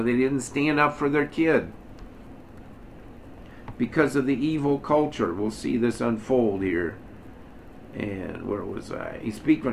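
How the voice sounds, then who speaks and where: A man's voice: medium pitch, vocal fry, a little hiss or hum. A man leading an informal Bible study, talking bluntly and folksy, mockingly acting out the Pharisees.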